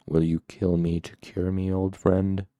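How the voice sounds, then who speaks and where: A man's voice: deep voice, flat delivery, measured pace, no echo, dull audio. A man reading a grave, sorrowful old friend. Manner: quiet and grave. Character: troubled sorrowful male friend, old ally.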